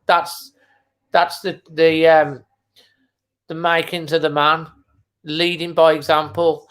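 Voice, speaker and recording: A man's voice: on the high side, little pitch movement, slow, a bit bright. A man hosting a live fan watchalong, speaking casually and emotionally as he holds back tears and repeats himself. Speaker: fan channel host. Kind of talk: live match watchalong commentary.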